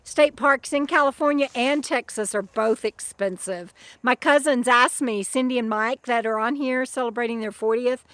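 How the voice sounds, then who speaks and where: Her voice fairly high and a bit bright, moving at a moderate pace with few pauses and no room sound, a middle-aged vlogger and author chats from her van campsite. She lives in the van and reads viewer comments on a casual livestream, rambling and restarting sentences, with frequent fond asides to her dog.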